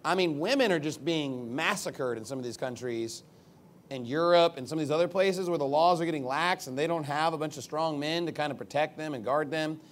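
A man's voice: a little high, fairly quick. A male pastor preaching a sermon off the cuff. He rambles at times and turns emphatic when he reads scripture.

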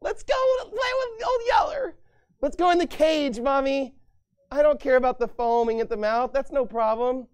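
A man doing a shrill sobbing little child. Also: expressive, normal speed. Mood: pleading. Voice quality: shrill, crying falsetto.

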